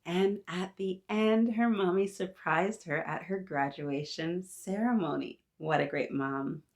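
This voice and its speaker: A woman reading a picture book aloud to children, adding gentle, sympathetic comments. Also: low-pitched. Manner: gentle, sympathetic asides to young listeners. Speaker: children's story reader.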